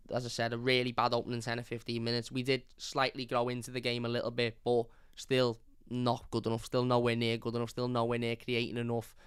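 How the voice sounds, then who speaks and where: A young man hosts a fan channel and reviews a match live, speaking in a mid-range, slightly bright voice that is clear and resonant. He's blunt and opinionated, repeats his points, and reads out chat comments. The sound is clean studio audio with no echo.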